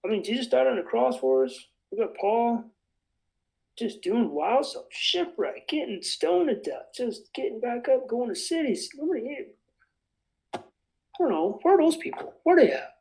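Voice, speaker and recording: A man with a high, gravelly voice talks in a rambling, emphatic way. He is passionate in a loose, casual discussion about faith. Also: very animated, moderate pace, darkish tone, poor audio. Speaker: bible study participant.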